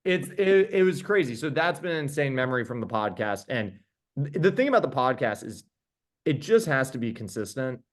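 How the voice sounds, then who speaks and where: A man, a podcast host, telling stories in casual chat as a guest, animated and enthusiastic with quick restarts. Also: medium pitch. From New York. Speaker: podcast host being interviewed. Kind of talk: casual storytelling.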